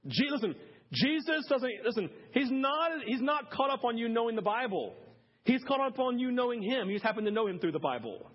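A man preaching a sermon in a conversational way, with many "like"s and "listen"s, swinging from hushed to loud. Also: very high-pitched, sing-song, fairly quick. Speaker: pastor. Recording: dull lo-fi sermon audio.

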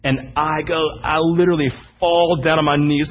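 A man preaching as the pastor, telling animated stories with sudden loud bursts. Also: fairly high pitch, normal speed, lo-fi sound, very noisy. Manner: animated storytelling, acting out anecdotes with sudden shouts. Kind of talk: sermon.

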